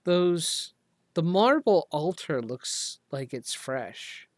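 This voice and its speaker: A game master narrating a tabletop game, describing scenes in a halting way with many fillers. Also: mid-range voice, very animated, dry recording.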